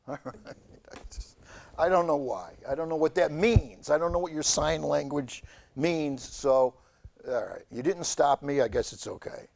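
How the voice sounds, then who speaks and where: A man hosting a community TV show, telling a rambling comic monologue in a halting deadpan way with many fillers. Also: on the high side, creaky. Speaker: show host. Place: community TV studio.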